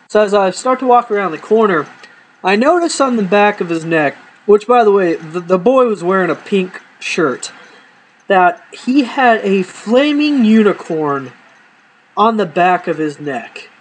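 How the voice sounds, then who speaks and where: A man's voice: sits high, animated, unhurried, a little hiss or hum, low-quality recording. A man telling rambling, profane comic stories from his life and acting out the dialogue. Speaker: comedy storyteller. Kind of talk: casual comedic storytelling.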